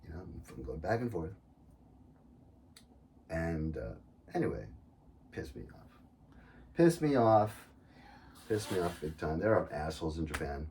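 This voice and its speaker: A man from New York chatting casually as podcast co-host, telling animated, profane stories. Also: low voice, normal speed, pauses often, far from the mic. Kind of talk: casual chat.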